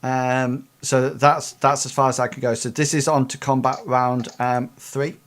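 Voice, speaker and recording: A man running a tabletop game online as game master, hesitant and full of pauses and restarts. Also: medium pitch, flat delivery.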